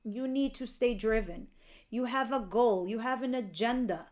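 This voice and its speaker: A woman's voice: on the high side, moderate pace, a little mellow. A woman giving a casual tarot reading, chatty and candid, who laughs easily and swears now and then. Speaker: tarot reader.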